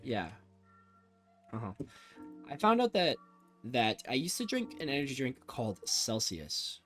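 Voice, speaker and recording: A young man chatting casually while playing a building game, rambling in a low-key monotone with sudden excited bursts. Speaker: gaming vlogger.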